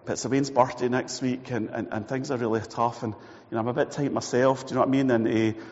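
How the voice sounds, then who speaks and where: A man's voice: medium pitch, steady tone, brisk, darkish tone, pitched below the performer's own voice, close to an everyday voice. A man voicing a boastful male friend who stammers when he backs out of his promise. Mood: awkward. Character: boastful male friend offering loans, then backing out. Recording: dull recording with long hall reverb.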